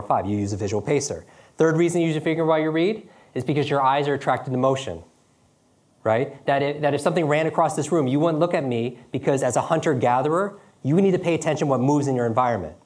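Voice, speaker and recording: A middle-aged man giving a lively seminar talk, quick and questioning, often asking his audience "right?". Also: fairly high pitch. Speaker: speaker teaching speed reading.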